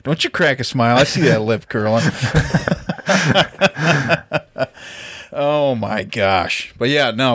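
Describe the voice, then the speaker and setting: A man's voice: mid-range voice, slow, a bit bright, no room sound. A man co-hosting a podcast, joking and teasing his friends in casual banter. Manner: joking, teasing, laughs often. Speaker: podcast co-host.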